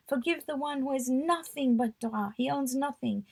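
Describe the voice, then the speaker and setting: A woman's voice: high voice, moderate pace, gravelly, a little mellow, breathy edge. A woman giving a live religious talk, reciting prayer lines and explaining each one in plain words. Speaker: religious teacher.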